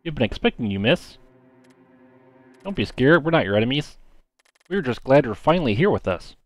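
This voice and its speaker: A man voicing eerie living dolls who greet a girl in a slow, ominous way. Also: medium pitch, very animated, dry recording, natural voice.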